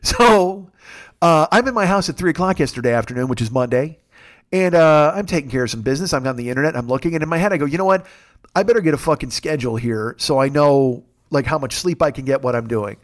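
A man with a high, light speaking voice rants and rambles through a story. He swears freely and keeps the delivery animated, in the manner of a solo podcast host. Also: fast talker. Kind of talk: solo comedic rant. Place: his house.

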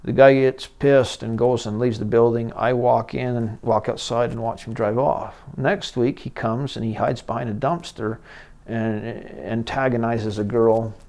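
A middle-aged man hosting a podcast, telling candid personal stories in a rambling way that gets animated as he goes. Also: medium pitch, unhurried, creaky. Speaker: podcast host. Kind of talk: personal storytelling monologue.

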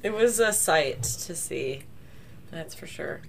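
Slow-talking woman, amused co-host. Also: low voice, animated, a little hiss or hum. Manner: amused storyteller, laughing often. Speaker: podcast co-host. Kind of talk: casual chat.

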